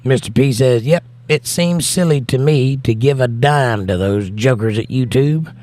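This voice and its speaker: A man's voice: medium pitch, a little slow, a little mellow. An American man hosting a casual livestream, reading viewer comments aloud and answering them, tired from no sleep. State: tired, has not slept. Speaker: livestream host reading chat.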